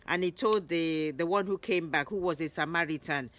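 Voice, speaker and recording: A woman narrating Bible stories in a lively retelling, raising her voice for the quoted lines. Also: lowish voice, normal speed. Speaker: Bible storyteller.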